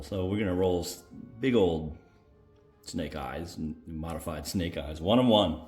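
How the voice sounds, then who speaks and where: A man's voice: sits low, expressive, unhurried. A man hosting a solo board wargame playthrough, thinking aloud as he counts up modifiers and dice rolls, with frequent "uh"s. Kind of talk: solo tabletop game commentary. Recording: echoey room, faint music.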